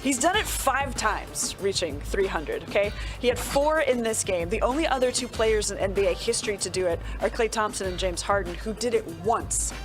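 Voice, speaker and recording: An upbeat woman hosting a studio sports talk show, reeling off numbers and records with a ready laugh. Her voice sits at an ordinary middle pitch, and a clear music bed runs behind her. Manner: upbeat, quick stat rundowns, laughs often.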